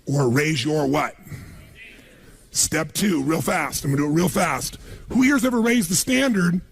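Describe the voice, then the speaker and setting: Raspy, gravelly motivational speaker. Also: male voice, fairly high pitch, measured pace. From United States. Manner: emphatic, calls on the crowd to answer. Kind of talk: live seminar speech to an audience.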